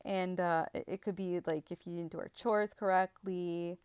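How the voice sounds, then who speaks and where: Low-voiced woman telling a family story. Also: steady tone, darkish tone, a little hiss or hum. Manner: halting, repeats herself, many fillers. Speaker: spiritual vlogger. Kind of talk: personal storytelling.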